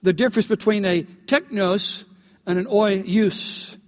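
A male pastor preaching a sermon, emphatic and animated, rising to loud peaks as he tells a story. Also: sits high, takes it slowly. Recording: long hall reverb.

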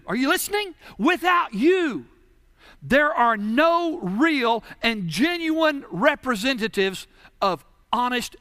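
Emphatic high-voiced preacher. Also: male voice, pushed and bright, no echo, studio quality. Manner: emphatic preaching with rhetorical questions. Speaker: pastor. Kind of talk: sermon.

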